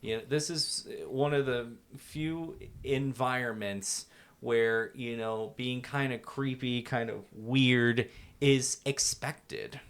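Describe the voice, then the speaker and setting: A man's voice: mid-range voice, slow pace, clean tone. A man, a haunt actor guest on a podcast, chatting casually and acting out scares with bursts of laughter. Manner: animated storyteller, acts out scares and screams, laughs often.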